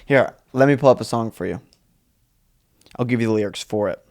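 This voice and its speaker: A woman's voice: rumbling low, fairly quick, a little mellow. A woman hosting a podcast in a casual chat, teasing and joking with her guest. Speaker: podcast host.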